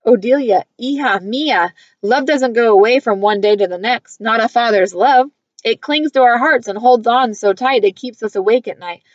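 A woman's voice: a little high, normal speed, no echo, highs cut off, lightly acted. A woman reading a coaxing absent father. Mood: pleading. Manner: coaxing, tender. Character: middle-aged father pleading with his daughters.

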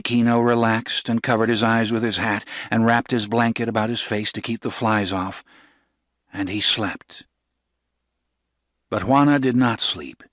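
A man narrating a novel as an audiobook, in a steady, even storytelling voice. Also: fairly low pitch, no room sound, clean studio sound.

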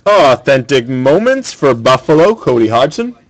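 A man hosting a sports card break, calling out each card pulled in a brisk, matter-of-fact way. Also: medium pitch, very animated. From Canada.

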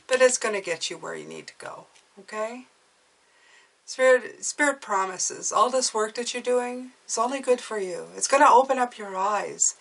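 A woman's voice: medium pitch, vocal fry, fairly bright tone, recorded from a distance, low-quality recording. A woman giving an intuitive tarot reading to viewers, chatty and encouraging, often checking in with "okay?". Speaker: tarot reader.

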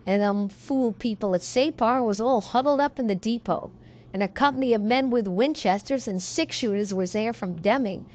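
Woman narrating as a male cowboy storyteller, frontier drawl, folksy tall-tale telling, high voice, audiobook. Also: a little mellow, highs cut off, natural voice. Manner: drawling frontier dialect, leisurely yarn-spinning. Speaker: audiobook reader. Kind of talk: audiobook reading of a western yarn.

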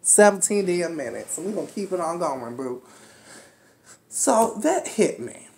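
A woman in her twenties rants through a TV recap, brash and profane, hammering her points again and again. Her voice sits low for a woman. The room around her is echoey. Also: a little slow, slight background noise. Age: 20s. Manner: brash, profane, animated ranting with repeated jabs. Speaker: reality show recap host. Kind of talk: ranting commentary on a TV episode.

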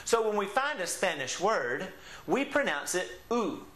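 Patient Spanish teacher, echoey room. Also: male voice, sits high, very animated, fairly bright tone. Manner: patient, drawn-out model pronunciations. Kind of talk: classroom lesson.

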